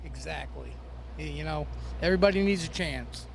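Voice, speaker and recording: A man's voice: on the high side, normal speed, creaky, a little hiss or hum. A man on a race crew giving short, plain answers in an outdoor garage. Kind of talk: brief interview answers.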